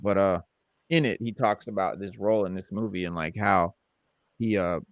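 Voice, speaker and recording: A man with a lowish voice hosts a casual podcast, wandering through his thoughts with lots of "like" and "uh" between more scripted stretches. His voice is recorded close and dry, with no room around it. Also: normal speed, dry recording. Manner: loose and rambling, full of "like" and "uh". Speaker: podcast host. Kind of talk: casual podcast chat mixed with read-out commentary.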